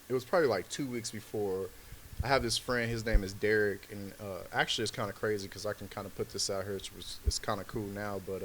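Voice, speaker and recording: A man's voice: on the low side, slight background noise. A man, a comedian guest on a podcast, telling a story in loose, slangy talk full of filler words. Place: podcast studio.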